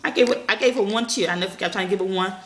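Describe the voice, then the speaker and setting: A mother in her thirties telling a story to her viewers, talking fast and bluntly and swearing freely. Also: mid-range voice, a bit bright. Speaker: vlogger, mother. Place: at home. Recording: echoey room, faint noise.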